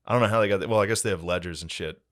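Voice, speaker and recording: A young man with a fairly low voice spins a casual story on a podcast. He talks in a deadpan, profane way, building up to each turn of the tale. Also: rapid-fire, no echo, studio quality. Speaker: podcast co-host.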